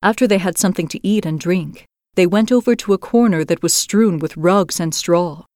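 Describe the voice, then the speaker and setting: A woman host narrating a fairy tale in a measured, expressive scripted reading. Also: lowish voice, no echo, studio quality. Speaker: storyteller host.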